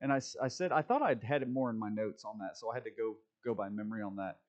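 A man's voice: fairly low pitch, darkish tone. A man leading an informal Bible study, thinking aloud as he looks up verses and closing with a short prayer. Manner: halting, thinks aloud while leafing for verses.

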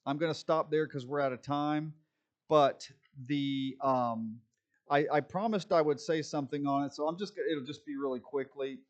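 Man leading a Bible study, muffled sound. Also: fairly high pitch. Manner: halting, thinks aloud while leafing for verses; ends with a short closing prayer. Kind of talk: informal Bible study teaching.

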